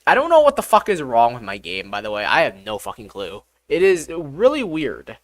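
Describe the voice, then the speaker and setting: A game developer streaming live, talking through each step aloud, excitable and swearing often. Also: mid-range voice, moderate pace. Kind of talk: live-streamed coding commentary.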